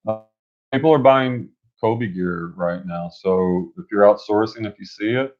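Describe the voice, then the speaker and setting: Co-host, man, lowish voice, upbeat casual livestream talk, dull lo-fi audio. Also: unhurried, darkish tone. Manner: upbeat, reads viewer comments aloud. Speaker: reseller co-host.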